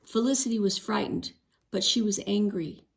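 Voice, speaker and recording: A woman reading a children's book chapter aloud, expressive, with a few small slips. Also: medium pitch, moderate pace, creaky. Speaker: read-aloud narrator. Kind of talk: storybook read-aloud.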